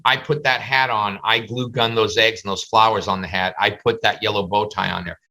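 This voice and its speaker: A man's voice: medium pitch, pushed and bright. A man teaching a class over a video call, chatty and full of stories. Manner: chatty, storytelling, slips into comic voices. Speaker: face painting instructor.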